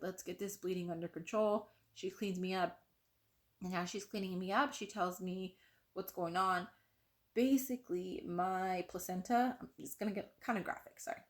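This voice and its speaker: A young woman vlogger telling a personal story to the camera in an animated way, full of "like" and acted-out quotes of what others said. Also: fairly low pitch. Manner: animated, acts out quoted voices, frequent "like".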